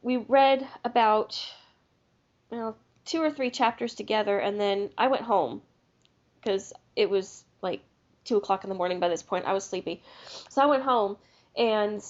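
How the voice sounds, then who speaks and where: A woman's voice: medium pitch, darkish tone. A woman co-hosting a podcast, telling a story in a rambling, casual way with restarts. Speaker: podcast co-host. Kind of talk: casual chat. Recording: lo-fi podcast audio.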